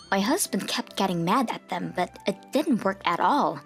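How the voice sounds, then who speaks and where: Young woman telling a manga story, earnest tone, soft music behind. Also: medium pitch, expressive, moderate pace. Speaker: narrator. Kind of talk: scripted manga dub narration.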